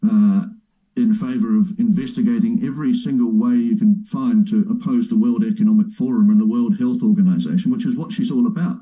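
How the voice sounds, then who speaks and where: A man's voice: fairly low pitch, brisk, dark tone, low-quality recording. A man hosting a show, stopping a played clip to comment on it in a mocking way. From New Zealand. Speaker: host reacting to a clip.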